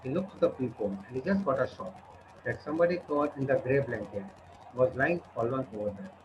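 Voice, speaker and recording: Over background noise and cooing pigeons, a man with a mid-range voice teaches a storytelling lesson, retelling a story to students conversationally and checking in with them along the way. The recording is dull and lo-fi.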